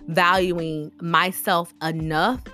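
A woman giving relationship advice in a casual, animated monologue, full of rhetorical questions and informal, slangy speech. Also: fairly low pitch, slow pace, faint music behind.

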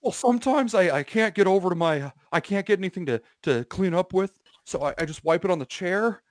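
A man voicing a panicky, excitable young man who sounds breathless and cartoonish, in a comedy podcast story. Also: sits high, a little fast, no room sound, pitched above the performer's own voice. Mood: sheepish.

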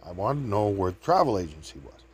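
A man's voice: fairly low pitch, big pitch swings, fast talker, breathy edge. A man telling meandering anecdotes in a chatty, casual way. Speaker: vlogger. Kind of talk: rambling storytelling.

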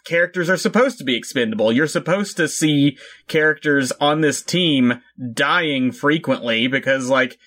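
A man's voice: on the high side, normal speed, sharp tone. A man co-hosting a podcast, chatting casually about a movie, explaining at length and laughing often. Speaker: podcast co-host. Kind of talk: casual movie review chat.

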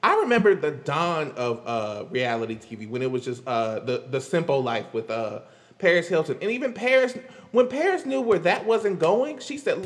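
A man's voice: on the high side, animated, moderate pace, long reverb tail. A man giving rambling, casual pop-culture commentary as a vlogger, laughing often and stammering through restarts.

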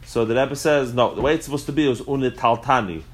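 A man at a mid-range pitch leads a live religious study class and explains each point to the group in front of him. He thinks aloud as he goes, stopping and restarting often. When he recites the Hebrew prayer lines, he falls into a rhythmic, chanting lilt. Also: quick pace, slightly rough. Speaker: Torah class teacher.

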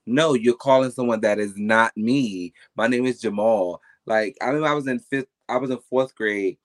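A man's voice: medium pitch, moderate pace. A man, a podcast guest, telling stories in casual interview chat with a blunt, emphatic and profane manner.

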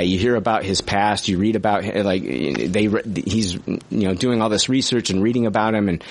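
A man hosting a show, chatting casually about a movie, rambling with restarts, swearing freely and laughing at himself. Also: lowish voice. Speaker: podcast host reviewing movies. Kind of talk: casual chat.

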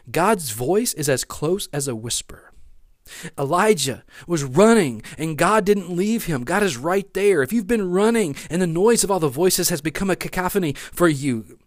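A man delivers a sermon in an earnest, conversational way, often circling back to repeat a key phrase. His voice sits a little higher than most men's. The sound is dry and close, with no room echo. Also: animated, moderate pace. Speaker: pastor.

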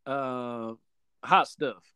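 A man's voice: mid-range voice, fairly even intonation, drawn-out words, sharp tone, smooth, no echo. A man, hosting a podcast and casually telling a profane story full of acted-out voices. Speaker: podcast host.

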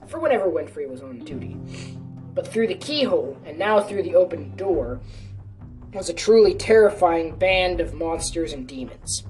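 A woman reading a story aloud in a casual, lowish voice, correcting slips as she goes. She sits some distance from the mic, with faint music under her narration. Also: a little mellow. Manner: casual, with small self-corrections. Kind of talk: storytelling reading of a fan fiction.

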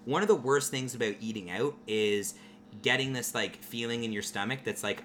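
Bright-voiced man telling stories. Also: medium pitch, moderate pace. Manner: profane, animated anecdote teller. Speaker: podcast host. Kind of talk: casual storytelling.

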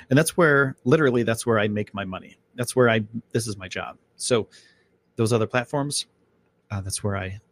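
A man hosting a casual live podcast, talking in a loose, rambling, chatty way full of fillers, from home. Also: lowish voice. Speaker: podcast host.

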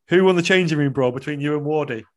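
A man hosts a laid-back chat, his voice a little high. He comes across as relaxed and jokey, putting questions to a guest. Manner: laughs often, relaxed and jokey. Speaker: podcast host. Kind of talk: casual interview chat.

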